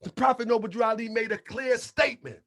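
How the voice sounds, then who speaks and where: Fiery high-voiced man preaching. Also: fast talker. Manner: fiery, shouting and repeating phrases; colloquial, drops into muttered asides. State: a little under the weather. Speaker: channel host. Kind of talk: impassioned preaching monologue.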